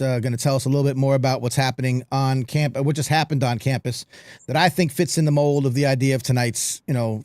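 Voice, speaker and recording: A man's voice: mid-range voice, a little mellow, no echo, studio quality. Chatty man hosting a live show. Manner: loose and chatty, many fillers. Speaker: podcast host. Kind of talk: casual livestream chat.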